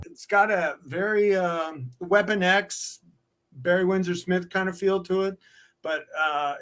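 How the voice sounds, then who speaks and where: A man's voice: high-pitched, a bit bright. A man showing original comic art on a live sales stream, admiring each piece as he talks. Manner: slow, admiring, musing over artwork.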